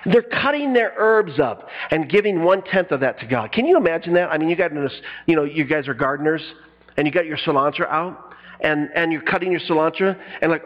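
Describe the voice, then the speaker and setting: A middle-aged man preaching a sermon in an animated style, acting out quotes and breaking into sudden loud bursts. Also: sits high, brisk, lo-fi sound. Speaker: pastor.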